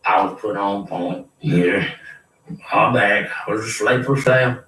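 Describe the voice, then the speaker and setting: A man's voice: on the low side, a little slow, fairly bright tone. An older man, delivering a rambling, preachy and threatening monologue. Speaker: self-proclaimed prophet. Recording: roomy, distant mic with faint noise.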